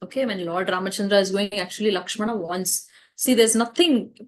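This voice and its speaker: A woman storyteller retelling an epic to children in a lively, chatty way, often speaking to them directly. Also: mid-range voice, brisk. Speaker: storyteller at a kids camp.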